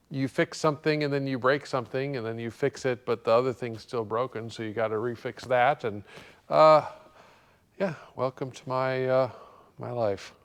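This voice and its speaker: Rambling man in an echoey shop. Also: mid-range voice. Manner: rambling, relaxed, thinking aloud with many pauses. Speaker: host of a car repair channel. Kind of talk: casual talk to camera. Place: home car shop.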